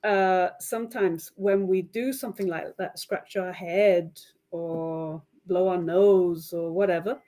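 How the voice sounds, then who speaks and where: A woman's voice: on the low side, steady tone, takes it slowly, warm tone. A woman giving an online training webinar for language teachers, friendly and checking in often with her audience. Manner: friendly, checks in often with "right?" and "okay?", laughs lightly.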